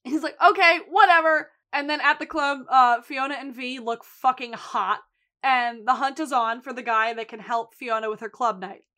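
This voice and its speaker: A woman's voice: fairly high pitch, moderate pace. A woman co-hosting a podcast, casually recapping a TV episode and acting out the characters' lines with plenty of swearing. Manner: animated retelling with quoted lines and swearing. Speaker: podcast co-host.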